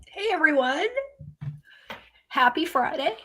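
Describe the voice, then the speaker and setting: A woman joins a live stream as a cheerful panelist, speaking unhurriedly. Her voice sits a little high. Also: lively intonation, slow, a bit bright. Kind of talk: casual chat.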